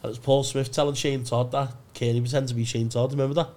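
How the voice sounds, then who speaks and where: A man's voice: medium pitch, fast. A man co-hosting a casual comedy podcast, telling stories with plenty of swearing. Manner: animated storyteller, swears freely. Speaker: podcast co-host. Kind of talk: casual chat.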